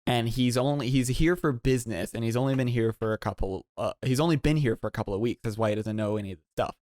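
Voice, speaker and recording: A man tells a long, winding story on a podcast. He is animated and loose, often jumping into a high voice to quote people. The recording is dry and close, with no room sound. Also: fast talker, no room sound. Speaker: podcast co-host. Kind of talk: casual storytelling.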